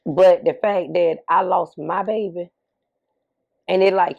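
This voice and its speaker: Middle-aged woman, gravelly fry in her voice, talking emphatic and repeating herself, lots of rhetorical questions. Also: on the low side, fairly even intonation, takes it slowly, pauses often, a little mellow, lo-fi sound. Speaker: interview guest, bereaved mother. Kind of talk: candid conversational interview.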